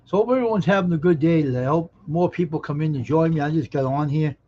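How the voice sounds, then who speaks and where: A man's voice: a little high, fast. Man, live-stream host, casual chat, grumbly and cussing at his gear, greets viewers by name, dull muffled sound, faint background noise. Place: at home by his computer. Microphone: earbuds linked to phone.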